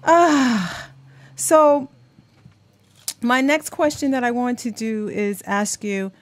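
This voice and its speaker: A woman's voice: on the high side, slow. A woman hosting an interview, reacting with emotion and enthusiasm to her guest. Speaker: podcast host.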